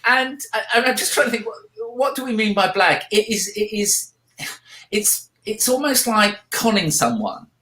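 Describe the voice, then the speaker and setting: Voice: medium pitch, animated, normal speed, bright, forceful tone. Hesitant South London speaker, echoey room. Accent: British, South London. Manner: hesitant, many fillers and restarts while explaining. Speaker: podcast co-host. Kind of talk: casual chat about a book.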